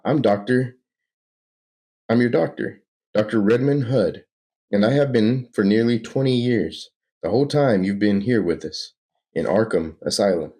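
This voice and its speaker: Overly gentle male doctor, mellow and calm, voiced by a man. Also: lowish voice, unhurried, voice pushed up, close to an everyday voice. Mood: reassuring. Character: smooth, soothing male asylum doctor.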